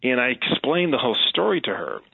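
Middle-aged man from Wisconsin, gravelly, earnest guest recounting his faith story, phone-like sound. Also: medium pitch, big pitch swings, brisk, no echo. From Wisconsin, USA. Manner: earnest, reflective storytelling with soft laughs. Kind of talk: personal testimony in an interview. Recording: tinny phone-like line.

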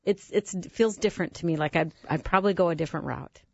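A woman's voice: lowish voice, fast talker, creaky, breathy edge, dry recording, muffled recording. A woman in her forties, a mother of three sons, who chats casually and laughs easily. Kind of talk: conversational discussion.

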